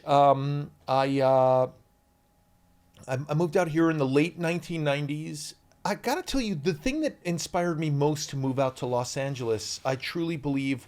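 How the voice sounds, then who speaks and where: A man in his fifties from the US East Coast, a guest actor chatting on a podcast and telling stories in an animated, rambling way. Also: fairly high pitch. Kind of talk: casual podcast chat.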